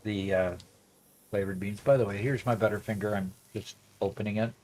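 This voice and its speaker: A man's voice: lowish voice, fairly even intonation, fairly quick, darkish tone. Rambling man streaming a game. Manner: rambling, many fillers and restarts. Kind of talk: casual gameplay livestream chat.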